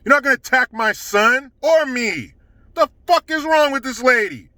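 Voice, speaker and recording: A man's voice: very high voice, expressive, moderate pace, pushed and bright, no echo. A man telling a casual story to camera, indignant and swearing heavily. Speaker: storytelling vlogger.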